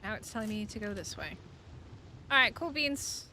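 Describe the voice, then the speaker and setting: A woman's voice: medium pitch, lively intonation, normal speed, pushed and bright, slight background noise. A woman streaming a survival game, giving casual commentary and playfully chatting to creatures and viewers.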